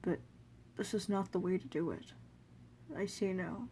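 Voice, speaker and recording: A big gentle monster king, an older male, speaking softly with regret and kindness, as a woman reads him in her own voice. The lines sit in a storybook audio reading. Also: on the low side, fairly even intonation, unhurried, slight background noise. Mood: kind, remorseful. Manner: soft, kindly, apologetic.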